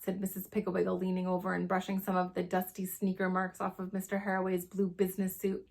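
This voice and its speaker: Woman teacher reading a storybook to kids, a bit gravelly, expressive. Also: lowish voice, quick pace, few pauses. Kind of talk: reading a chapter book aloud to children.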